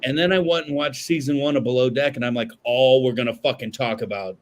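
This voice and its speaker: A man's voice: mid-range voice, quick pace. Rambling, profane male podcast host. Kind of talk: casual podcast chat.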